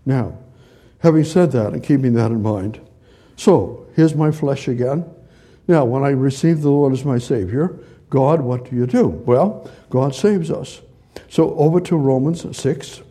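A man's voice: medium pitch, a little slow, dark tone, husky. A man preaching a sermon, reading scripture aloud, repeating phrases and putting questions to his listeners. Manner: repetitive, asks the audience questions and reads scripture aloud; gestures with hands while teaching.

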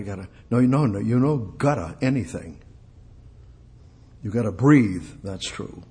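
Folksy man preaching in hushed tones. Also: medium pitch. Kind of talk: informal sermon.

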